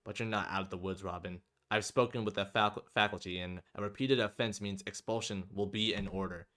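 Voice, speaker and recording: A man's voice: lowish voice, fairly even intonation, a little fast, fairly bright tone, natural voice. A man voicing a stern, cold male school headmaster who speaks formally and measuredly.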